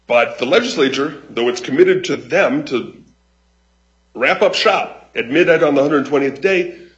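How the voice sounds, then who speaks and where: A man makes a formal courtroom argument at a mid pitch, deliberate and measured, often restarting his sentences. The audio is dull and lo-fi, like a courtroom feed. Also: a bit bright. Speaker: attorney arguing an appeal.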